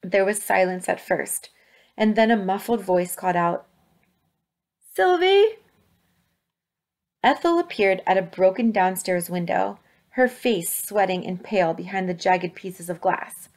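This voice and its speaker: A woman reading a storybook aloud with steady, expressive narration. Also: mid-range voice, moderate pace.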